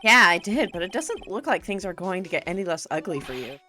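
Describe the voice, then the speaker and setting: A woman reading lines for a weary young male defense lawyer in a flat, unimpressed manner. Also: lowish voice, a little fast, faint music behind. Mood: dry.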